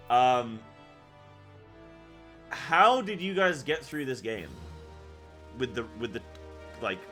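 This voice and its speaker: Chatty, excitable male game streamer. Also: medium pitch. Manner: chatty and excitable, talks to his chat. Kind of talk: casual live game commentary.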